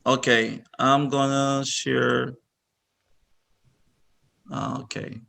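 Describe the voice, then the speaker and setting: A man's voice: medium pitch, level tone, very slow, vocal fry, pushed and bright. A man presenting a virtual workshop to parents over a video call, instructive and repeating himself with many restarts.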